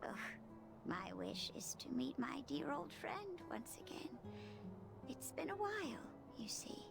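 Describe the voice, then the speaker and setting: A woman voicing a frail, gentle elderly female cookie in a game, speaking in a creaky, breathy half-whisper. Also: sits high, sing-song, over music, full character voice. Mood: wistful. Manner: soft, slow and tender. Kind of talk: game voice acting.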